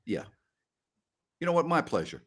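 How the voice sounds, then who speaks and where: A man's voice: a little high, big pitch swings, normal speed, a bit bright. Blunt, ranting middle-aged male host. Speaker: sports show host. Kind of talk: live-stream post-game show talk.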